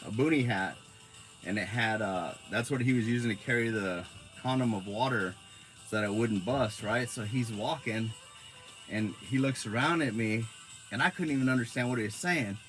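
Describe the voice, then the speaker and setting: A man's voice: mid-range voice, normal speed, a bit bright, faint music behind. A man from Arizona with a middle-range voice, chatting on a casual live stream. He rambles through his stories with an easygoing, profane manner, as if talking to friends. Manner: rambling, laid-back, swears freely.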